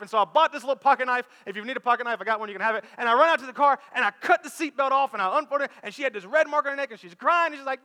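A man in his thirties, a pastor preaching a sermon, telling a lively story to his church. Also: extremely high pitch, very fast, few pauses, in a large hall. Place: church auditorium.

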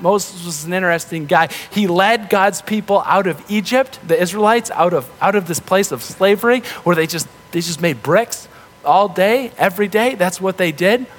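A man preaching a sermon in a relaxed, conversational way, acting out the voices of the people in the story. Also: high voice, husky. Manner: conversational, animated, acts out grumbling voices. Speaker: pastor. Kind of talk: casual sermon.

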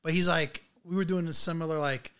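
A man's voice: a little high, steady tone, brisk, fairly bright tone, clear, resonant tone. A man hosting a casual interview, asking curious follow-up questions. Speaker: podcast host.

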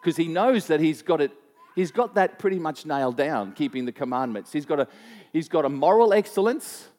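Aussie preacher guy, slightly high voice, chatty sermon, lots of restarts, big church reverb. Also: lively intonation, fairly quick, a little mellow. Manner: conversational, many restarts, asks the congregation questions. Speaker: pastor. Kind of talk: sermon with storytelling. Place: church hall. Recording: long reverb of a church hall.

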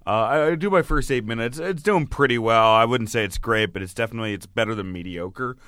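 A man's voice: mid-range voice, fast talker, smooth, no echo, clean studio sound. A man, a comedian, telling stories in casual podcast chat, swearing freely and acting out what people said. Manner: animated, swears a lot, acts out quotes.

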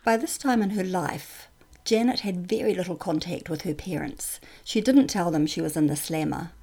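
Kiwi woman narrating, warm low voice, steady and matter-of-fact. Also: normal speed, slightly rough. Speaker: podcast narrator. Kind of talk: scripted narration.

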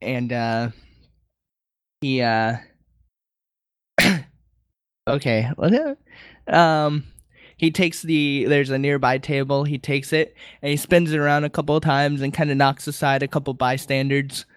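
A man's voice: mid-range voice, steady tone, measured pace, pauses often, clear, resonant tone, no echo, studio quality. A man co-hosting a podcast, narrating an improvised fight in a laughing, rambling way. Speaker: podcast co-host. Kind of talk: comedic improvised storytelling.

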